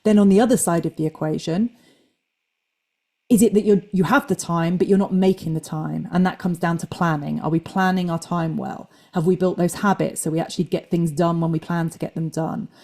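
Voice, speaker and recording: Mellow-voiced woman coaching online. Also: fairly low pitch, a little fast. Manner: chatty, animated quoting of inner thoughts. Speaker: fitness coach. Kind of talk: live online coaching talk.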